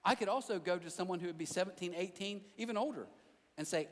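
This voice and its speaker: A man preaching a sermon as a pastor, telling animated stories with self-deprecating jokes and talking directly to the crowd in a church auditorium. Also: high voice, fast talker. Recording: long hall reverb.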